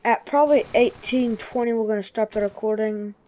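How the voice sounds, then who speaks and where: A woman giving casual gameplay commentary, grumbling and reacting excitably to the game. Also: on the high side, a little fast, few pauses. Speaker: gamer. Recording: dull lo-fi recording.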